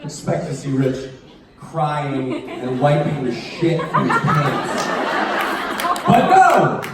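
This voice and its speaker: A man with a high, very lively voice tells a self-mocking comic story on a convention stage and acts out the sounds himself. He sounds far from the mic in a big echoey hall, with a loud audience all around. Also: takes it slowly, heavy background noise. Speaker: convention panel performer. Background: audience laughter and murmurs.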